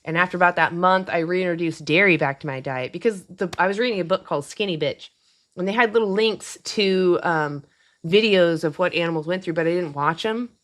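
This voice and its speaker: A young woman talking casually on her livestream, chatty and quick to laugh as she answers commenters. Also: fairly low pitch. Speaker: livestream host. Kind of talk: casual live-stream chat.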